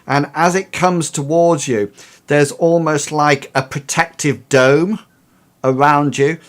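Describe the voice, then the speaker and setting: A man narrating a tabletop role-playing game as game master, halting and full of restarts. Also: on the high side, fairly even intonation. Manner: hesitant, many fillers and restarts.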